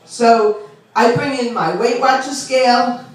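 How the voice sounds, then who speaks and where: This is a stand-up set by a Long Island woman in her 60s, playing a small club and bantering with the audience in a self-deprecating way. She speaks somewhat slowly, with a voice on the high side. The sound is roomy, captured by a mic set well back.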